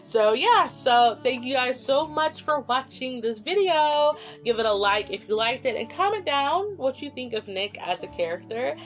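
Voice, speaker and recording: A woman's voice: high-pitched, animated, moderate pace, few pauses. A young woman casually talking about her original character in a vlog, rambling with lots of ums. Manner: rambling, many ums, gets emotional. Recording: dull lo-fi audio with faint music.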